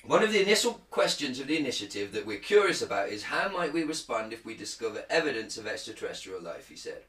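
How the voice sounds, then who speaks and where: A man's voice: medium pitch, big pitch swings, fast, fairly bright tone, roomy sound, low-quality recording. A man co-hosting a casual podcast, reading a news article aloud and joking and swearing along the way. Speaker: podcast co-host.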